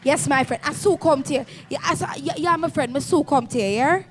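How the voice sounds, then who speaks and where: A woman's voice: sits high, a little fast, a little hiss or hum. A woman hosting a children's reading event, leading the crowd in firm, coaxing call-and-response prompts. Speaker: event host for schoolchildren.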